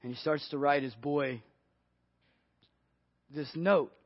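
A male pastor preaching a sermon earnestly, swinging between hushed and emphatic delivery. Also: fairly high pitch, fairly even intonation, takes it slowly, no room sound. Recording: dry, dull lo-fi audio.

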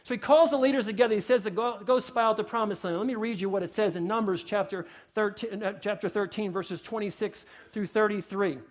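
Pastor, male, New York accent, fairly high voice, animated sermon delivery. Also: a little fast, few pauses. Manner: animated, repeats phrases when worked up.

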